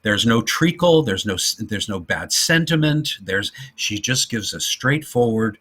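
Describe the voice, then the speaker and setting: A man's voice: lowish voice, a little slow, husky. A man co-hosting a podcast, chatting casually about an old film and acting out the lines in different voices. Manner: animated retelling, acting out quotes in voices. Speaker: podcast co-host.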